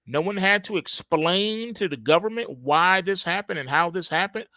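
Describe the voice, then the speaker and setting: A man's voice: high-pitched, expressive, normal speed, pushed and bright, no room sound. A man hosting a market report, delivering opinionated commentary with sarcastic, emphatic rhetorical questions.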